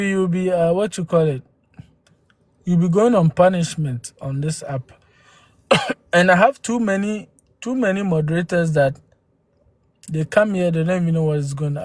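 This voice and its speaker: Man, live-stream host, argumentative, somewhat high voice, dry phone sound. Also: darkish tone, no room sound. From Ghana. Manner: argumentative, rhetorical questions, exclamations. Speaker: livestream host.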